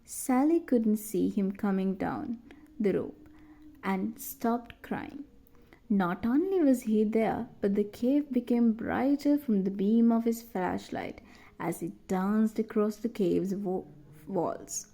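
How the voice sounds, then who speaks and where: A young woman from Sri Lanka with a Sri Lankan English accent, gently narrating a children's audiobook. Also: mid-range voice, slow pace, gravelly. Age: young adult.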